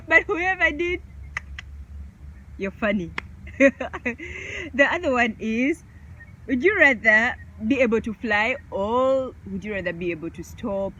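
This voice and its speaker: A woman's voice: on the high side, animated, takes it slowly, pauses often, bright, forceful tone, lo-fi sound. A woman vlogger chatting casually through a question game, laughing often.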